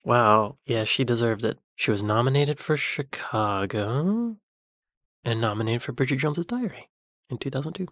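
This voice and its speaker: American man, reaction video host, casual musing chat, mid pitch, dry close sound. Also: lively intonation, normal speed, a bit bright, dry recording. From United States. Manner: chatty, musing aloud, drops to near-whispers.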